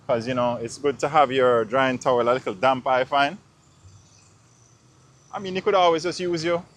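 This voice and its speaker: A man's voice: fairly high pitch, a bit bright, a little hiss or hum. A man vlogging a car detailing job, talking casually and slangily to his viewers as he works. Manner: laid-back, slangy, addresses viewers as guys. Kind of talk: casual how-to narration. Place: outdoors beside a car being washed.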